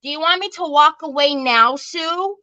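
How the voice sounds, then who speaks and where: A woman's voice: sits high, moderate pace, pushed and bright, lo-fi sound. A woman hosting a crafting livestream, chatting casually and joking at her own expense while she works. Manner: chatty and self-mocking, often laughing.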